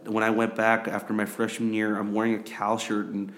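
A man's voice: on the low side, monotone, fairly quick, fairly bright tone. A young man who grew up in Korea, co-hosting a casual sports podcast, rambling with lots of fillers and repeated phrases. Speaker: podcast co-host.

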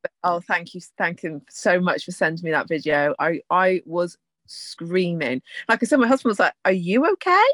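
A woman's voice: lowish voice, normal speed, a bit bright, no echo. A woman co-hosting a podcast, gushing and laughing often as she chats. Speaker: podcast co-host. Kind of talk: casual chat.

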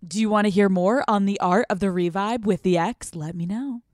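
A woman's voice: medium pitch, darkish tone, no echo, studio quality. Blunt, profane young woman podcast host. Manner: blunt, profane and sassy, with quick laughs. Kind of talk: casual advice talk answering listener letters.

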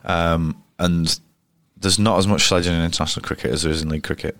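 A man's voice: sits low, steady tone, quick pace, a bit bright, no echo. A man in his thirties, a cricketer guest telling anecdotes in a rambling, casual way full of restarts. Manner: rambling, frequent restarts and fillers. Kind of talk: casual storytelling interview.

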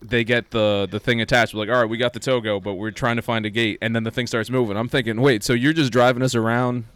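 A man in casual podcast chat, telling an animated story and acting out what people said. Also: mid-range voice, fast talker, smooth, no room sound. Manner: animated storyteller, acts out quoted lines.

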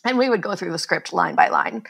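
A woman's voice: lowish voice, huge pitch swings, fairly quick, gravelly, a bit bright, breathy edge. A woman author being interviewed, talking candidly and chattily and laughing at herself. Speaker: author guest. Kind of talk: casual conversational interview.

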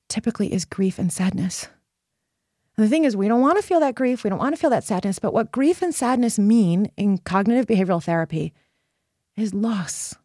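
A woman's voice: mid-range voice, warm tone, slightly rough, no echo, studio quality. A woman hosting a personal self-help podcast, coaching listeners in an earnest, emphatic way. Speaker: podcast host.

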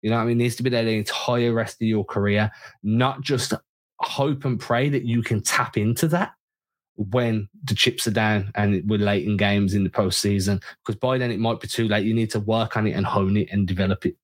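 A man's voice: fairly low pitch, fairly even intonation, a little fast. Opinionated male sports podcast host. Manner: opinionated, emphatic. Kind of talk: casual sports chat.

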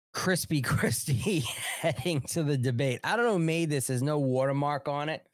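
A man with a strong Long Island New York accent hosts a live political commentary show. He talks bluntly and heatedly, rambling and restarting his sentences. His voice sits at an ordinary pitch and sounds dry and close. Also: dry recording.

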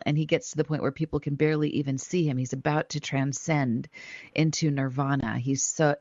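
Low-voiced woman talking through dreams. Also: dry recording, lo-fi sound. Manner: reflective, storytelling, animated quoting. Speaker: podcast co-host interpreting dreams. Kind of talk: casual chat.

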